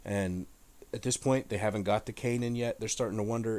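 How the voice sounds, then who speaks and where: A man's voice: fairly low pitch, fairly even intonation, brisk, a little mellow. A man hosting an irreverent Bible commentary in a casual, profane, joking way. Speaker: host.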